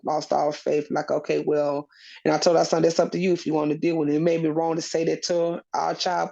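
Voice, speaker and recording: A woman's voice: deep voice, gravelly, mellow. A woman being interviewed as a custodial parent, speaking earnestly in a rambling way with many fillers. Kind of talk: personal interview. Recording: dull lo-fi recording.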